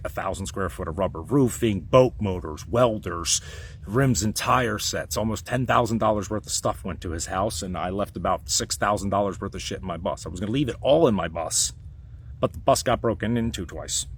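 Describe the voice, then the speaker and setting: A man telling a personal story in a heated, rambling, profane rant, with sudden loud outbursts. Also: fairly low pitch, slight background noise.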